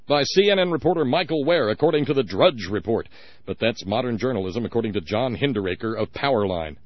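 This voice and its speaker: A man's voice: mid-range voice, animated, quick pace, no echo, highs cut off. Sarcastic ranting male radio talk host. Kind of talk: political call-in radio commentary.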